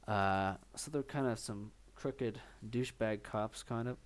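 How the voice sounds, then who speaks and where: A man's voice: on the low side, unhurried. A man co-hosting a film podcast, talking in a loose, rambling way with many fillers. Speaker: podcast co-host. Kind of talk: casual chat.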